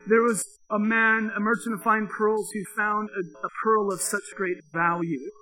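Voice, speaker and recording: A calm, patient father tells a parable slowly in a high, bright voice, as a man acts him out during a sermon. He sounds warm and deliberate, as if explaining something patiently. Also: recorded from a distance, poor audio. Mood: storytelling.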